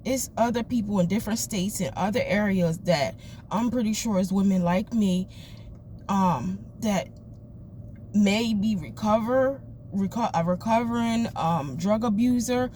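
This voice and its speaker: A woman's voice: mid-range voice, measured pace, warm tone, slight background noise. A woman, a mother, venting candidly and emotionally in a personal vlog recorded in her car, swearing freely. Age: adult mother of children. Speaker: vlogger. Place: parked car.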